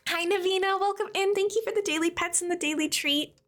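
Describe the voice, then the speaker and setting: A woman's voice: very high voice, steady tone, fast talker, fairly bright tone. A young adult woman streamer chatting casually with her viewers, greeting them by name and laughing often. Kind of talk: casual live-stream chat.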